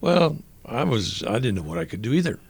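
Gravelly older man telling a story. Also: mid-range voice, very animated. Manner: halting, with frequent restarts and fillers; earnest, reflective. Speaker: interview guest. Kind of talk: personal storytelling in conversation.

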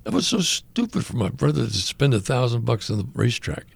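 Gravelly older man telling a story. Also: medium pitch, brisk, dry recording. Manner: animated storytelling, acting out quoted voices. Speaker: radio guest telling a story. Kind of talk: conversational testimony.

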